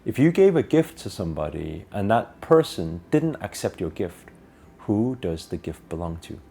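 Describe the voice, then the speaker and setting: A man as a calm, patient old sage. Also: fairly low pitch, normal speed, gravelly, slight background noise.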